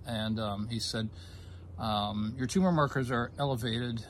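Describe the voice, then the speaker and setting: A man of ordinary pitch recounts a personal story in an easy conversational way, pausing and restarting often. His voice carries real emotion, and a faint hiss sits under the recording. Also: steady tone. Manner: halting, with many fillers and restarts; emotional, gets choked up. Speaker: guest telling his story. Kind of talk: casual conversation.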